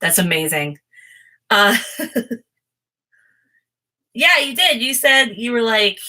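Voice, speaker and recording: A woman's voice: medium pitch, animated, moderate pace, pauses often, sharp tone. A woman doing a casual, chatty tarot reading, rambling and easily distracted, often giggling.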